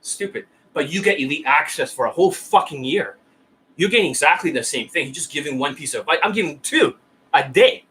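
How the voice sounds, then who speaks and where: A hoarse man lecturing his viewers as a dating coach, profane and combative, firing off rhetorical questions. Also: fairly high pitch, animated, brisk, pushed and bright, a little hiss or hum. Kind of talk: ranting monologue to viewers.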